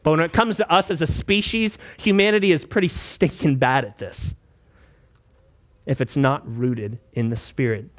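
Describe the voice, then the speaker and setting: High-voiced pastor preaching casually. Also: male voice, moderate pace. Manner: conversational preaching, with asides and audience prompts; breaks into singing and playful mock voices. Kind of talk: sermon.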